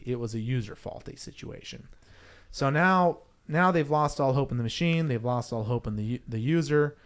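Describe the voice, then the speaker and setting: Man telling a story in a rambling way. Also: mid-range voice. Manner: animated, rambling, with restarts and self-corrections. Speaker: podcast guest. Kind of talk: casual storytelling.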